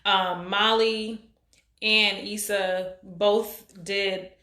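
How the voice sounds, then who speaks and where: In an echoey room, a live-stream host around forty greets viewers and reads their comments aloud. Her voice is medium-pitched, steady and sharp in tone, and her casual chat is rambling and halting, full of fillers.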